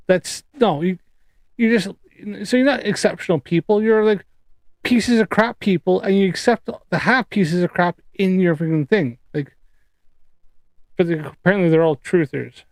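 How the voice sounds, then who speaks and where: A man's voice: high voice, moderate pace, dry recording. A man from the Canadian prairies hosting a livestream, ranting and chatting casually in a profane, exasperated, rambling way. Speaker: streamer debunking flat earth claims. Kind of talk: casual livestream rant and chat.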